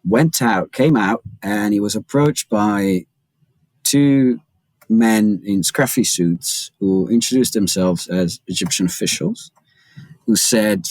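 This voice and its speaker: Male guest author, animated storyteller, lower register, dry close mic. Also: slow pace, dry recording, rough recording. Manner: animated, chatty storyteller peppering talk with "like". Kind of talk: casual podcast storytelling.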